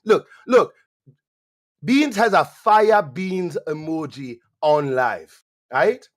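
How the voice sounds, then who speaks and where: A man's voice: a little high, animated. A man putting on an exaggerated Jamaican accent to lecture and tease a co-host. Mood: scolding. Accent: put-on Jamaican. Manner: lecturing, teasing, drawn-out phrases. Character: mock Jamaican-accented male trash-talker.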